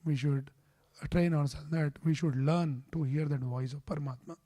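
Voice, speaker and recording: A man's voice: fairly high pitch, fairly even intonation, moderate pace, dark tone. A man speaking at a temple, giving a scripture class sermon. He explains patiently and puts questions to the audience. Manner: chants Sanskrit verses. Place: temple hall.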